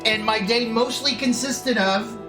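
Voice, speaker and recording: Male streamer, high and bright tone, loose rambling chat host, faint music bed. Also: a little slow. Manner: rambling, restarting sentences, greeting chat by name. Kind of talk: casual live-stream chat. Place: at home computer.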